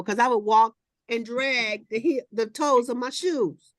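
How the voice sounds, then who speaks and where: A woman hosting a morning talk show. She reads a reflective passage in a measured way and then chats in an animated, conversational style. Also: a little high, no room sound, studio quality. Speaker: host. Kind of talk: reading a passage, then casual group chat.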